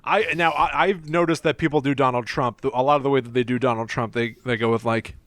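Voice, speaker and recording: A man's voice: mid-range voice, fairly even intonation, fast talker, a bit bright. A young man co-hosting a comedy podcast, rambling and joking as he sets up impressions. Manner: jokey, rambling, slips into mock speech voices. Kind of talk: improvised comedy banter with presidential impressions.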